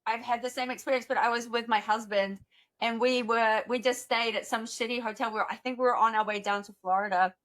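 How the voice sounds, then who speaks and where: A woman's voice: a little high, fairly even intonation, fairly quick, fairly bright tone. A woman podcast host in casual chat, agreeing and swapping stories, swearing freely. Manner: chatty, profane, agreeable.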